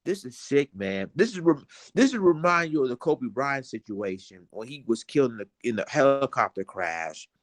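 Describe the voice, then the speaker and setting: Male vlogger, mid-pitched voice, dry close sound, indignant and repetitive, calls his viewers y'all. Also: sing-song, normal speed, dry recording. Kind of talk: emotional casual commentary.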